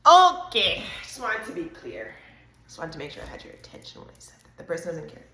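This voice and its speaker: A woman hosts a casual intuitive reading, talking to viewers in a chatty, animated way with quick asides. Her voice sits a little low. The room gives it a noticeable echo, with a faint hum of ambience. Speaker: host.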